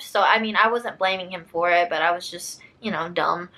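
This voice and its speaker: A woman's voice: medium pitch, steady tone, fast, a bit bright, rough recording. A young woman YouTuber telling a personal story to camera in a storytime vlog, chatty and full of fillers, acting out what people said. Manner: chatty, many fillers, acts out quotes.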